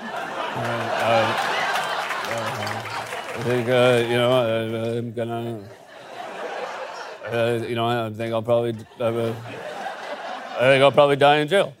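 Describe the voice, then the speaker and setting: A man's voice: mid-range voice, flat delivery, a crowd in the background, background noise, pitched below the performer's own voice, close to an everyday voice. A man doing a mumbling, flustered indicted campaign boss. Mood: sheepish. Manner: halting, stammering with fillers.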